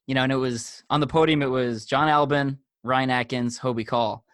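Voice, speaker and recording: A man's voice: medium pitch, steady tone, moderate pace, a bit bright, clean tone, no room sound. Man hosting, dry close sound. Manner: friendly, rambling questions with restarts. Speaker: podcast host. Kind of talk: casual interview chat.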